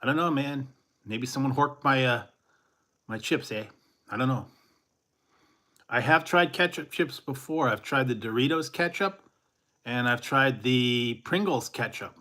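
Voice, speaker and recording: Male streamer, casual and rambling, bright crisp tone, playful. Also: mid-range voice, lively intonation, measured pace. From Central California. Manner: rambling, chuckling, plays up a mock Canadian eh. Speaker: food review streamer. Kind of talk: casual live-stream chat.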